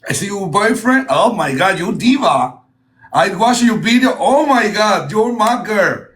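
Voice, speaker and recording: A man with a high, fairly bright voice hosts a livestream battle, speaking unhurriedly with lively intonation. He gushes compliments in broken English and slips into Spanish phrases in this casual livestream chat.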